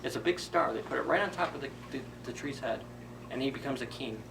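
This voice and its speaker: Storybook sparrow, chatty and excitable, voiced by a male reader; eager delivery, heard from a distant mic. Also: mid-range voice, fast, vocal fry, lightly acted. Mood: excited. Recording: distant mic, faint background hiss.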